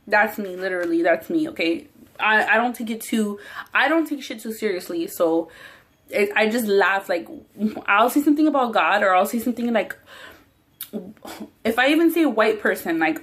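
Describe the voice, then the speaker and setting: A woman's voice: medium pitch, lively intonation, normal speed, a bit bright. A woman chatting casually while eating on a mukbang vlog, rambling, swearing freely and often laughing. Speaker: mukbang vlogger.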